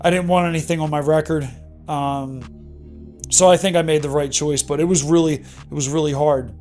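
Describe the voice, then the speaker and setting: A man's voice: fairly high pitch, fairly even intonation, moderate pace, a little mellow, soft background music. A man in his thirties candidly telling an emotional personal story in a vlog monologue. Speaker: vlogger.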